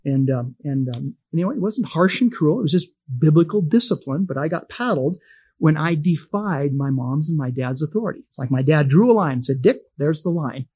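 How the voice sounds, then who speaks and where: Husky-voiced folksy male Bible teacher. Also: fairly high pitch, animated, a little fast, a little mellow, highs cut off. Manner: homespun, chuckling, conversational storyteller.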